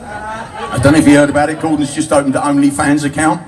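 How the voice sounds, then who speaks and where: A man's voice: a little high, fairly even intonation, fast, creaky, noisy background. An older man telling crude, cheeky stories live to a bar crowd, laughing at his own jokes. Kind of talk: live stand-up storytelling. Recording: distant mic, loud crowd.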